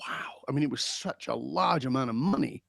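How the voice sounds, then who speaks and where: Animated middle-aged male storyteller, dry sound. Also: medium pitch, brisk, vocal fry, no room sound. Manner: animated storyteller, acts out quotes. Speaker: podcast guest. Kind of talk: storytelling interview.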